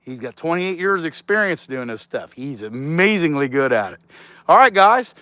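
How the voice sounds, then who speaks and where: A man's voice: on the high side, big pitch swings, normal speed, pushed and bright, dry recording. A man hosting a chainsaw carving livestream, joking around and rambling as he reads viewer comments aloud. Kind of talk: casual livestream chat.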